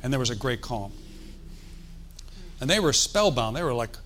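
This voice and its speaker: A man's voice: medium pitch, lively intonation, normal speed, pauses often, a bit bright, a little hiss or hum. A man preaching a sermon in a conversational, folksy way, with joking asides and calls for the congregation to answer. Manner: asks the congregation for responses.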